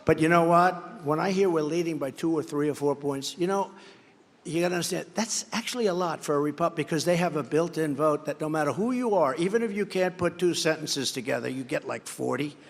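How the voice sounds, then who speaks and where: A man's voice: on the high side, brisk, gravelly. A man giving a rambling, boastful campaign rally speech at a podium microphone, mocking his rivals by acting out their words. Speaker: political candidate. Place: large campaign rally venue. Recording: long reverb of a large venue.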